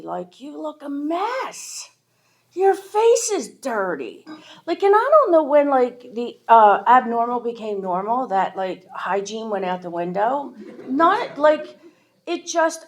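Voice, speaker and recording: A middle-aged woman speaking candidly and self-deprecatingly about her own recovery at a meeting, with a Philadelphia-area American accent and lots of casual fillers. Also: a little high. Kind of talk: personal recovery talk.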